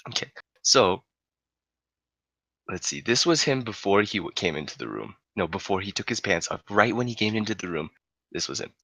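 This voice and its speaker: A young adult man telling a story in casual chat, animated and laughing, swearing freely. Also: fairly low pitch, normal speed, long pauses, no echo.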